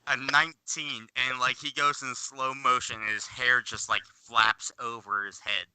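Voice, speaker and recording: A man's voice: medium pitch, little pitch movement, measured pace, bright, forceful tone, clear, resonant tone, no echo, poor audio. A man narrating as game master of a tabletop game, loose and rambling, filling his talk with "like".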